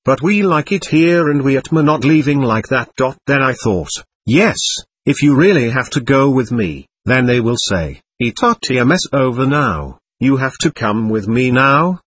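A man telling a first-person story in a slow, measured way, pausing to say "dot" after sentences as if dictating. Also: mid-range voice, lively intonation, fairly bright tone, husky, no room sound. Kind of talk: first-person spoken narration.

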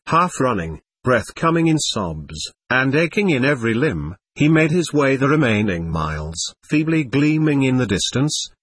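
A man narrating an audiobook in a measured, solemn storytelling manner. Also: mid-range voice, slightly rough, no room sound.

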